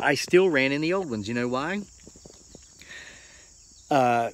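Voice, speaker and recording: A man's voice: medium pitch, dry recording. An American man giving an earnest, rambling motivational talk into a handheld phone, repeating himself for emphasis. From United States. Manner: earnest, rambling and repetitive, with many fillers. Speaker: homesteading vlogger.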